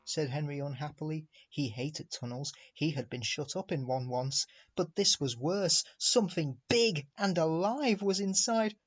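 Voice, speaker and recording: A man narrating a storybook aloud, expressive and speaking to the listener directly. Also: a little high, a little slow, few pauses, lo-fi sound. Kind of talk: storybook reading.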